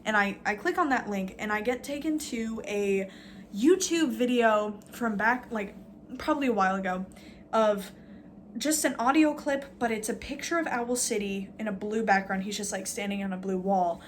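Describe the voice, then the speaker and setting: A woman's voice: medium pitch, moderate pace, slight background noise. A woman vlogging a casual, rambling rant, sarcastic and full of fillers, swearing now and then.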